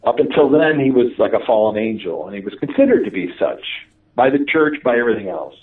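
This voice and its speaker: A man telling stories in a casual conversation, animated and laughing, with many fillers and restarts. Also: mid-range voice, quick pace. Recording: distant, tinny phone-like audio.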